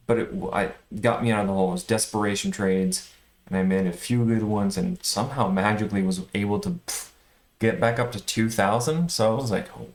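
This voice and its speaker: A man recapping his day of stock trading in a casual, animated way, swinging between excitement and frustration. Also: on the low side, fairly quick, roomy sound. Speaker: day trader vlogger.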